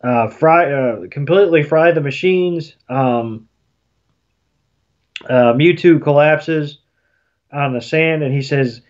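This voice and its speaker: A man's voice: on the high side, slow pace, pauses often, muffled recording. A man co-hosting a podcast, recapping a cartoon episode plot in a rambling, casual way full of fillers. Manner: rambling storyteller with many fillers and restarts. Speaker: podcast co-host.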